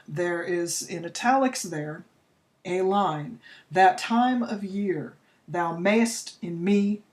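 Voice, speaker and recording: A woman's voice: fairly low pitch, darkish tone. A woman teacher explaining poetry to her students in a recorded lesson, chatty and unscripted, exaggerating the rhythm when she reads verse aloud. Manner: uses fillers and restarts, chatty.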